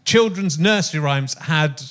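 Man in his 50s hosting a podcast, kinda high pitched, earnest and reflective. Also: animated, unhurried, fairly bright tone. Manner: earnest, reflective, searching for words. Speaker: podcast host. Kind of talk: casual conversation.

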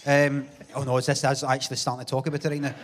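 Sweary deadpan Glaswegian man. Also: medium pitch, quick pace, slight background noise. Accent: Scottish, Glasgow. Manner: deadpan, sweary, laughs at own jokes. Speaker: podcast guest. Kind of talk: live comedy podcast chat. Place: theatre stage before a live audience.

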